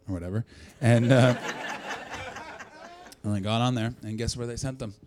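Profane, mocking comic. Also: male voice, mid-range voice, measured pace, noisy background. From Canada. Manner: profane, mocking, loud bursts. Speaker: stand-up comedian. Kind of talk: crowd work stand-up.

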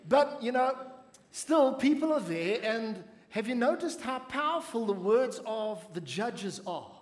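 Male pastor, high voice, measured sermon delivery, reverberant hall sound. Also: big pitch swings. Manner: measured preaching with audience call-and-response.

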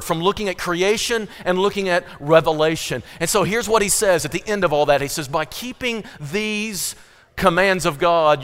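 A man with a high voice delivers a sermon, pressing his points with swells of emphasis before easing back down. His words ring out through a church sanctuary with a long, trailing reverb. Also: fairly bright tone, clean tone. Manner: emphatic preaching with rising and falling intensity. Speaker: pastor.

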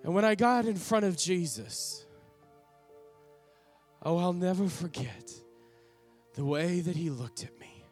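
A man's voice: high-pitched, slow, pauses often, a little mellow, soft background music. A man playing an earnest apostle in a dramatic first-person monologue, speaking with reverent, emotional awe. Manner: reverent, emotional, lingering on sighed exclamations. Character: awestruck older male apostle, earnest ex-fisherman.

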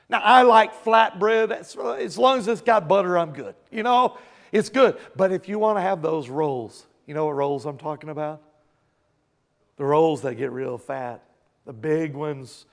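High, gravelly-voiced male pastor. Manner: conversational, asks and answers rhetorical questions. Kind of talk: sermon.

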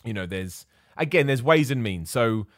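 A man's voice: mid-range voice, no echo, studio quality. A young man hosting a wrestling chat stream, answering viewer questions in a casual, opinionated way that turns heated at times. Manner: opinionated, animated, quick to get heated.

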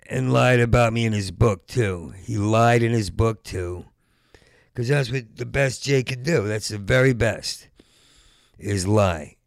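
A man's voice: lowish voice, vocal fry, no echo, studio quality. An older man with Parkinson's telling a rambling, profane comic monologue, stammering and repeating sounds and trailing off into mutters. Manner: stammering, halting, repeats sounds at word starts. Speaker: stand-up comedian.

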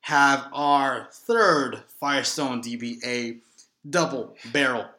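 A man's voice: mid-range voice, takes it slowly, pushed and bright. A man co-hosting a casual sports podcast, teasing and mock-dramatic. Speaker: podcast co-host.

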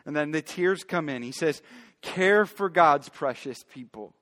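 A male pastor preaching a sermon emphatically, moving between loud declarations and quiet, hushed asides. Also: fairly high pitch, lively intonation, unhurried, big-room sound.

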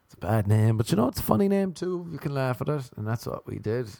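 A man performing a stand-up comedy routine, telling stories deadpan and breaking into animated voices for the people he quotes. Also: medium pitch, quick pace, gravelly, no echo. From Ireland.

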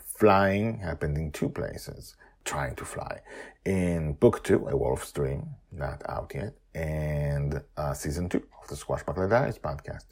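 A man reading his own fantasy story aloud, animated, breaking into excited voices for the characters and then chatting about the series. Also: rumbling low, takes it slowly, creaky, husky. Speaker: author and narrator.

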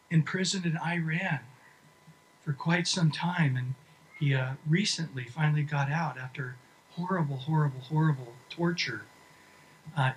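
A man's voice: on the high side, fairly bright tone, slight background noise, low-quality recording. A man preaching a sermon to his church, earnest, often repeating and restarting his words. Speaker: pastor.

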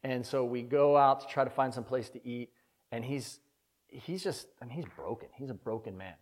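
A man's voice: medium pitch, normal speed, darkish tone. A man preaching a conversational sermon, telling a personal story in an earnest, candid way that swells with feeling.

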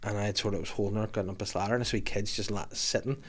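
A man hosting a podcast, telling sweary, lively stories in casual chat. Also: fairly low pitch, rapid-fire, husky. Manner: sweary, lively storytelling with acted quotes. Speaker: podcast host.

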